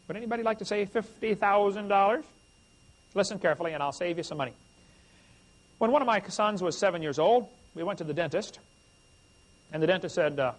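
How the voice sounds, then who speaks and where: Middle-aged male evangelist, high voice, humorous storytelling sermon style. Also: brisk, pauses often. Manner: animated, humorous, addresses the crowd directly. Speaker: evangelist preacher.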